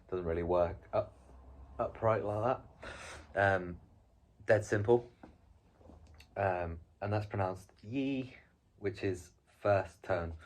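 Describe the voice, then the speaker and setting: A man's voice: on the low side, a little mellow. A man presenting a casual, chatty language lesson on video, rambling a little with frequent ums and restarts. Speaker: video presenter teaching Chinese.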